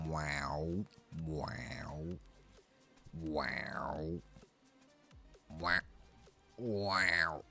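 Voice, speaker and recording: A man in his twenties chatting casually on a live stream, playful and joking at his own expense. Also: mid-range voice. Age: 20s. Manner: playful, joking, self-mocking. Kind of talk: casual chat.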